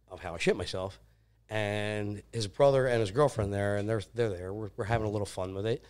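A man casually telling crude personal stories on a podcast, laughing often and swearing. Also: on the low side. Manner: laughing, animated anecdote teller, swears often. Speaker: podcast guest. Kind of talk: casual storytelling.

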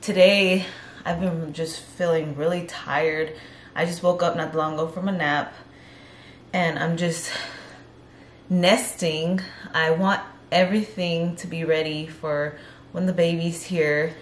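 A young woman chats casually through a home vlog while heavily pregnant, audibly out of breath. Her voice sits slightly low, and she rambles and corrects herself as she goes. The room sounds roomy, with a faint hiss underneath. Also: flat delivery, measured pace. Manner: chatty and rambling, self-correcting. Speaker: vlogger.

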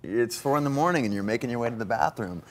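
A man's voice: medium pitch, expressive, fast talker. A man hosting a live interview in front of an audience, chatty and enthusiastic. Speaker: host.

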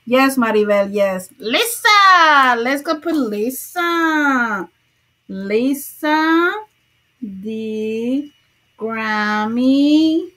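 A woman's voice: sits high, expressive, extremely slow, bright, forceful tone. A woman hosting a crochet livestream, chatting casually, greeting viewers by name and laughing often.

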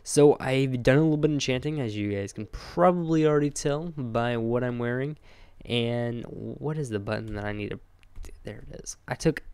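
A young man hosting his own gaming channel, chatting casually over his gameplay into a desk microphone, rambling and excitable and greeting his in-game animals. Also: mid-range voice, clear, resonant tone, no echo. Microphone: close desk microphone.

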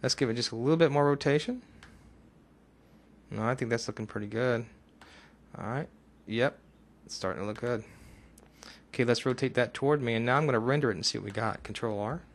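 A man runs a casual software tutorial into a desktop mic, talking himself through each step. His voice sits at a middling pitch. He breaks into excited whoops when something works. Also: brisk, long pauses. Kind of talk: casual screencast tutorial narration.

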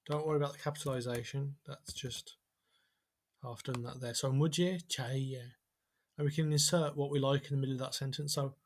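A man teaches a language lesson at a whiteboard, and his voice sits a little on the high side. He pronounces each example phrase slowly and deliberately before explaining it. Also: darkish tone. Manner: slow, careful pronunciation of example phrases.

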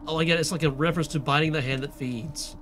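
A man's voice: a little high, steady tone, fast talker, a bit bright, faint music behind. A man hosting a let's play, musing aloud in casual gameplay commentary.

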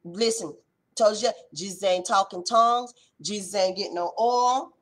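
A woman giving an impassioned devotional message, swinging between loud exhortation and hushed intensity, with a colloquial, folksy way of speaking. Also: mid-range voice, normal speed. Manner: colloquial, uses folksy address. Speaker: preacher.

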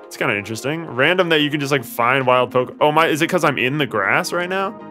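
A man's voice: mid-range voice, lively intonation, fast talker, pushed and bright, faint music behind. A man commentating on his video game playthrough, rambling and exasperated, pleading with the game characters. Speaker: let's play host.

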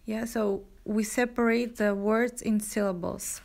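Slow, hesitant woman teaching French. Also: mid-range voice, fairly even intonation, gravelly, darkish tone. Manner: slow, hesitant, many "uh" and "yeah?" checks; reads French examples aloud and translates. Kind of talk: language lesson, book review.

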